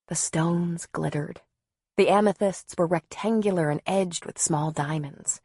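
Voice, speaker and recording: A woman narrating a novel in the first person, in a measured, softly expressive way. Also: lowish voice, breathy edge, dry recording, clean studio sound. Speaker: audiobook narrator.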